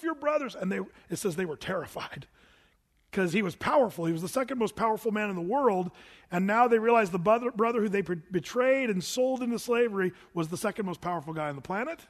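A man with a notably high voice preaches a sermon, keeping it conversational. He quizzes his listeners and slips in dry humor, and a long reverb trails behind every phrase. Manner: conversational preaching with questions to the congregation and wry asides. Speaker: pastor.

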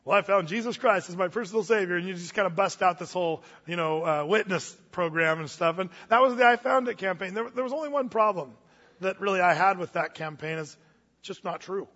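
High-voiced man preaching in a reverberant hall. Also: a little fast, a bit bright. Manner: conversational, folksy, with asides and restarts. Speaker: pastor. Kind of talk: sermon. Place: church hall. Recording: dull audio with long reverb in a church hall.

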